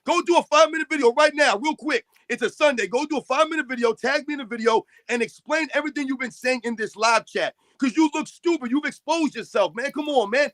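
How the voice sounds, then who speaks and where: A man hosting a sports talk live stream, yelling a confrontational rant at critics in the chat. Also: very high-pitched, fast talker, hardly any pauses, no room sound, poor audio.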